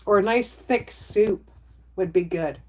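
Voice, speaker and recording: A woman's voice: mid-range voice, takes it slowly. A middle-aged woman talking casually to her livestream viewers. She rambles from one thing to the next in a chatty, everyday way and stops now and then to answer comments, heard through a phone or webcam mic.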